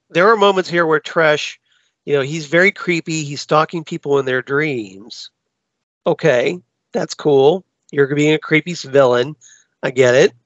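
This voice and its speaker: A man's voice: on the high side, no echo. A man co-hosting a podcast, chatting casually about a film in a wry, exasperated way. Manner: wry, exasperated, acts out quoted lines. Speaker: podcast co-host. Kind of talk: casual film review chat. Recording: dull lo-fi audio.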